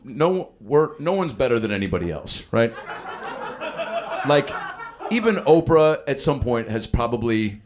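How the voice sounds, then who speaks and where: A man's voice: medium pitch, measured pace, background noise. A man in his thirties doing improvised stand-up in a comedy club, telling loose, profane stories and working the crowd. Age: 30s. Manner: loose, profane storytelling with lively voiced quotes. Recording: live club with crowd laughter. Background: audience laughing.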